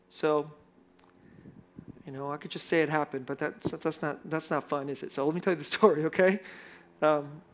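A middle-aged male pastor delivers a sermon in a loose, conversational way, with a voice that sits high for a man. He tells stories against himself and breaks into laughter often. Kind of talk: sermon with personal story.

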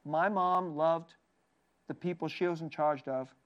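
A man preaching a sermon in an earnest, tender way, often laughing lightly and dropping his voice soft for quoted lines. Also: a little high, fairly even intonation, a little slow, smooth, muffled recording. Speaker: pastor.

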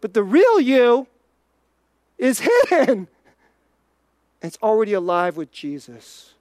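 A preacher giving an informal, conversational sermon, chatty and full of "like", swinging between quick bursts and slow, quiet emphasis. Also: medium pitch, huge pitch swings, no room sound, clean studio sound.

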